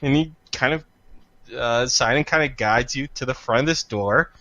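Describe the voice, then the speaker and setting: A man narrating as game master, rambling with frequent pauses and fillers. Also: mid-range voice, sharp tone, dry recording, dull audio. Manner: rambling, halting with fillers, laughing at himself.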